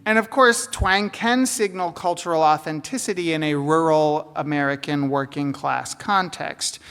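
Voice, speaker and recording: Woman lecturer, lower voice, explanatory with asides, echoing hall sound. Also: moderate pace, fairly bright tone, clean tone, faint music behind. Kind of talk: academic lecture. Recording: roomy hall reverb.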